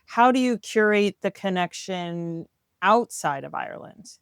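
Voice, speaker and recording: A woman co-hosting a travel podcast, asking questions in a measured, polite way. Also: mid-range voice, expressive, creaky, clear, resonant tone, no room sound, studio quality. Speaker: podcast co-host. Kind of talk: podcast interview.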